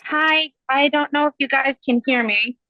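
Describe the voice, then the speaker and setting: A woman's voice: sits high, normal speed, highs cut off, soft background music. A woman asking questions during public comment at a community meeting, nervous, with a shaky voice.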